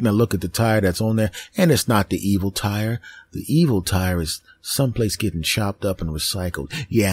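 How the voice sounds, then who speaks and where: A man with a somewhat low voice delivering a comedic monologue as a podcast host. He tells his story as an animated, ranting storyteller. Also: slightly rough, no room sound.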